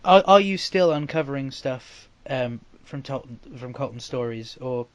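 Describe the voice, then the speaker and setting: A man interviewing an author, asking conversational questions in a hesitant way, often pausing and losing his thread. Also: medium pitch, expressive, dry recording. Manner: hesitant, many fillers, loses his thread.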